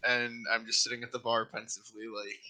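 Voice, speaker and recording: A man playing a tabletop game, speaking casually with hesitant pauses. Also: mid-range voice, level tone, sharp tone, dry recording, low-quality recording. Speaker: player.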